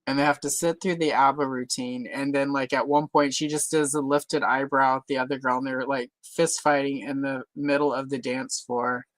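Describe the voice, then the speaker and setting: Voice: medium pitch, normal speed, hardly any pauses, no room sound. A co-host from the United States chatting casually on a livestream, telling stories and jumping into mock voices. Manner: lively storyteller who jumps into mock voices.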